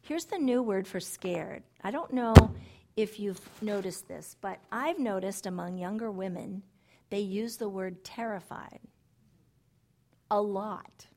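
A middle-aged woman giving sermon-style Bible teaching to women, animated and emphatic, repeating phrases and dropping into soft asides. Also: mid-range voice, slow pace, a little hiss or hum. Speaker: women's ministry speaker.

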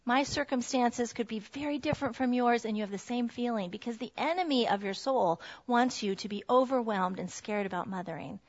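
A woman's voice: fairly high pitch, brisk, few pauses. A middle-aged woman giving a heartfelt Christian testimony talk to a mothers' group. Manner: earnest, heartfelt storytelling. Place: meeting room with a group of women. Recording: dull lo-fi recording.

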